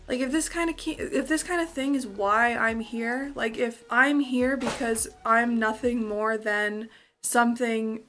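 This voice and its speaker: Young woman venting, higher voice. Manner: venting, frustrated, peppered with "like"; quotes others in lively put-on voices. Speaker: vlogger. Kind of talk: casual chat.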